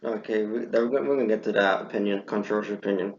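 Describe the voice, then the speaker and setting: A young man hosting a casual chat, telling stories with lively bursts as he acts out his own reactions. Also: lowish voice, rapid-fire, over a noisy crowd. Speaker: podcast host. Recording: muffled lo-fi recording.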